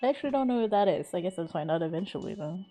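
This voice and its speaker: Soft music plays behind a woman from Sweden who talks very fast during casual live-stream gaming chat. Her voice is on the low side, dark in tone and lively in intonation; she speaks American-sounding English with a faint Swedish accent, laughing often and swearing freely.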